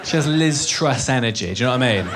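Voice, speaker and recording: A man's voice: mid-range voice, animated, quick pace. A man in his thirties with a Welsh accent doing a stand-up set, chatty and swearing, working the crowd from a club stage. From Wales. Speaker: stand-up comedian. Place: comedy club stage with live audience. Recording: live club recording with audience noise.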